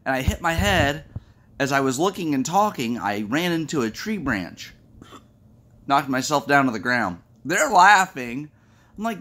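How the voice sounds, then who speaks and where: A man casually telling jokes to the camera, chatty and rambling, acting out his friends' lines in high voices. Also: expressive, a little slow, pushed and bright. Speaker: comedy vlogger. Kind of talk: casual stand-up joke telling.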